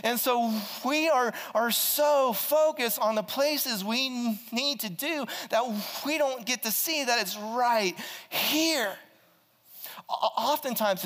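A man preaching a sermon as a pastor, telling a personal story in an animated way, with frequent restarts and stammers. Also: very high voice, long reverb tail. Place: church.

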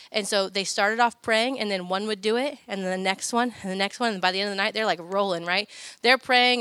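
A woman's voice: medium pitch, fairly quick, pushed and bright, clear, resonant tone, dry recording. A woman in her thirties giving a chatty faith talk about family prayer, full of personal stories and fillers. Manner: chatty storytelling, many fillers.

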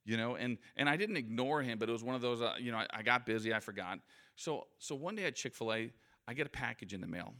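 A man's voice: medium pitch, expressive, fast talker, bright, forceful tone. A man giving an anecdotal motivational talk in front of a live audience, in a conversational, self-deprecating storytelling manner. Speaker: guest speaker.

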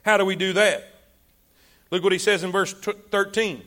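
A preacher delivering a sermon, his voice high and ringing with a bright, sharp edge. He calls on the congregation to repeat after him, pushing hard on key words and then dropping low and soft. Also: steady tone, moderate pace. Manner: exhorting congregation, call and response; rises and drops in volume for emphasis. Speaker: pastor.

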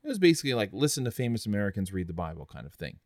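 A man's voice: on the low side, big pitch swings, racing, no room sound, clean studio sound. A man hosting a history podcast, narrating in an earnest, conversational way with chatty asides. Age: adult, after college. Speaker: podcast host.

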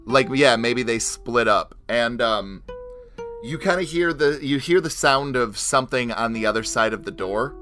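A man runs a tabletop role-playing game, narrating scenes in a halting way with many fillers. His voice is bright and forward at a middle pitch, with faint music in the background. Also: lively intonation. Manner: hesitant, filler-heavy narration. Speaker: game master.

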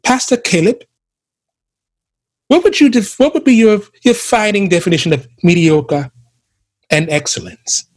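A man co-hosting a casual ministry podcast, telling animated stories and acting out quotes. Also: high-pitched, a little slow, long pauses. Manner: animated storyteller, acts out quotes. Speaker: podcast co-host. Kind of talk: casual chat about ministry.

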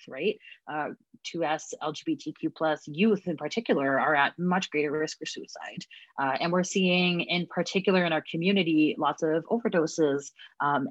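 Woman, community liaison guest; low-ish, sincere, gentle delivery, dry muffled recording. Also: dry recording. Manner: heartfelt, soft-spoken, frequent "um" and "right?". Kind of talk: earnest interview answers. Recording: dull, dry lo-fi sound.

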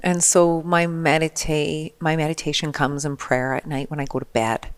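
A middle-aged woman, a podcast guest, telling a personal story in an animated way, acting out the people in it. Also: sits low, normal speed, clean tone.

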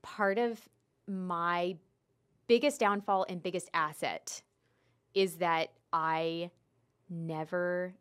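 Woman, 30s, podcast co-host, animated casual storyteller. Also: fairly low pitch, clean tone. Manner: animated storytelling, quick asides. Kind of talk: casual chat.

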